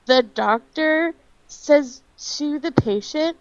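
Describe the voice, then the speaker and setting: A young woman, an interpreter co-hosting a podcast, chatting casually with dry, deadpan jokes over a remote call. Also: on the high side, measured pace, dry recording, highs cut off. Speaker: podcast co-host, ASL interpreter. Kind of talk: casual chat. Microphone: remote call mic.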